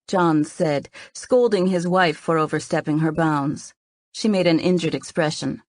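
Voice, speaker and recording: A woman's voice: deep voice, a little slow, a little mellow, no room sound. A woman narrating a first-person romance audiobook in an earnest storytelling manner, close to the mic.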